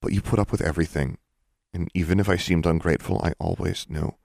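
A man reading aloud and voicing a sixteen-year-old girl who speaks quietly and earnestly. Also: deep voice, fairly even intonation, quick pace, creaky, no echo, studio quality.

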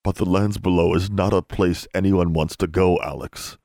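A man's voice: deep voice, fairly even intonation, normal speed, dark tone, dry recording, studio quality. A man voicing a grave male elf who speaks formally in broken grammar. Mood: solemn.

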